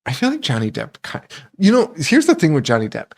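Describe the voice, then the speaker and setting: With a fairly high, gravelly voice edged with breath and wildly swooping pitch, this co-host of a horror film podcast talks fairly quickly and casually. Profane and quick to laugh, he performs movie quotes in exaggerated voices.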